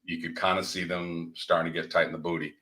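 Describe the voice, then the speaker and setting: A middle-aged or older man co-hosting a sports live stream, giving animated, excitable analysis that gets louder when he makes a point. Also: low-pitched, fast talker. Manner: excitable, voice jumps up when emphatic. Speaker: sports show co-host.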